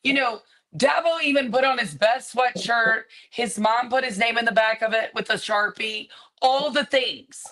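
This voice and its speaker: A woman's voice: fairly high pitch, normal speed, fairly bright tone, poor audio. A woman co-hosting a sports talk show, ranting with sarcasm and emphasis in casual chat. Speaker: podcast co-host.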